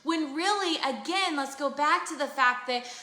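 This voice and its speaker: A woman's voice: high-pitched, moderate pace, bright, forceful tone. A woman in her thirties co-hosting a live faith chat, talking earnestly and emphatically like a preacher. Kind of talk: casual live conversation. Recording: roomy echo.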